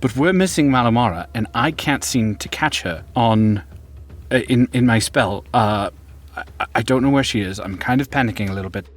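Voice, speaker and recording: An earnest, flustered adventurer from a tabletop game, played by a man. His husky voice swings widely in pitch as he frets. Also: expressive, normal speed, faint music behind, close to an everyday voice. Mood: worried.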